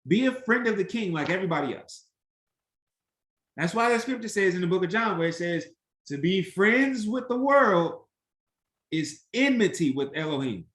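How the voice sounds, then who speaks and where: Animated high-voiced man teaching scripture. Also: normal speed, reverberant. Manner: animated, acts out quoted voices, emphatic. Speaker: Bible teacher. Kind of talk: interactive Bible study teaching.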